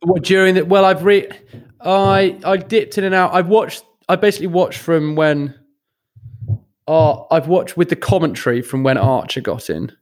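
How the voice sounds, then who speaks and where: Fairly high-voiced man, stammering. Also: moderate pace. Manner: stammering, repeats words, giggly. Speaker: podcast co-host. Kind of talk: casual chat.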